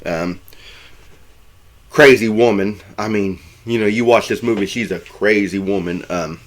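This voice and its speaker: A man's voice: fairly low pitch, unhurried. A man casually retelling a film plot, rambling with many fillers and restarts. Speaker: film reviewer.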